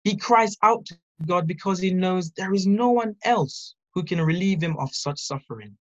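A speaker giving an earnest, measured devotional Bible teaching, reading scripture and reflecting on it. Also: mid-range voice, highs cut off. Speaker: preacher.

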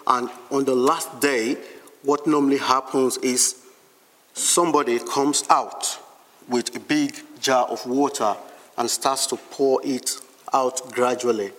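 A man preaching a sermon, slowly reading and explaining scripture with emphatic, deliberate phrasing. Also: medium pitch, long reverb tail.

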